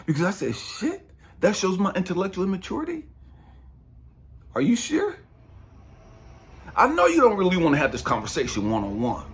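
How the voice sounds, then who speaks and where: A middle-aged man, a spiritual coach, preaching in an impassioned, emphatic way and swearing freely. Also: sits high. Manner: profane, emphatic, passionate.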